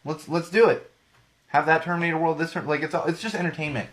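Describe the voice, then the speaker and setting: This podcast host has a fairly high, brisk voice that's gone a bit worn and is slightly giving out. Alone at the mic, he rambles and jokes, frequently stopping to restart or fix what he said.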